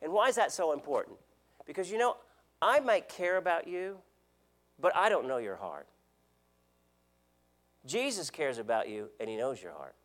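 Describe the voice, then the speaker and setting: A man's voice: fairly high pitch, big pitch swings, normal speed, long pauses. A man preaching a sermon as an elder, earnest, repeating words and asking the congregation questions. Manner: swings between loud emphasis and quiet drops.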